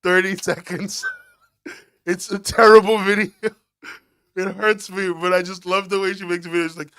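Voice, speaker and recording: A man's voice: high voice, steady tone, moderate pace, a bit bright, no room sound, studio quality. A man chatting casually on a stream, joking, swearing and laughing often. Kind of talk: casual stream chat reacting to videos.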